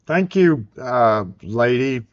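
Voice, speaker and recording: A man's voice: medium pitch, expressive, slow pace. A man with a Southern US accent hosting a casual live stream, rambling and joking as he chats. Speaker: livestream host. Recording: dull lo-fi sound.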